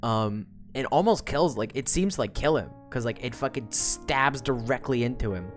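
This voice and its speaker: A woman's voice: very deep voice, moderate pace, soft background music. A woman streamer casually recapping a story, swearing a lot and laughing often. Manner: profane, animated, laughs often.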